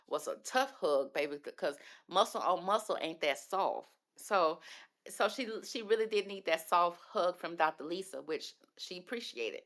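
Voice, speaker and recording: A woman's voice: on the low side, a bit bright. A woman hosting a casual reality TV recap, chatty and gossipy, calling listeners "baby" and acting out the people she discusses. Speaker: reality TV commentary host.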